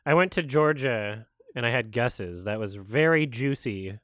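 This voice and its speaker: A man's voice: medium pitch, expressive, unhurried, dry recording, clean studio sound. A man chatting casually while streaming a watch-along, rambling and swearing, and saying he is sick. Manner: rambling, swearing, laughs loudly.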